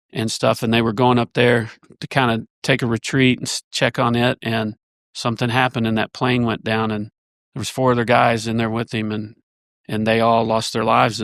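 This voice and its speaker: A man with a gravelly, mid-range voice tells a winding story, restarting his sentences as he goes. He speaks casually and with animation as a church elder guesting on a podcast. The sound is dry and close. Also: medium pitch, fairly bright tone, no room sound.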